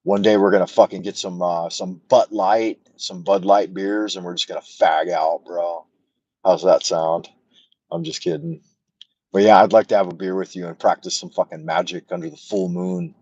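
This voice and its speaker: A man's voice: low-pitched, normal speed, a little mellow, slightly rough, no echo, dull audio. A man from the United States, hosting a rambling, emotional, profane livestream chat from his camera at home. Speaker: livestream host. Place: home in China. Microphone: camera mic on a mount.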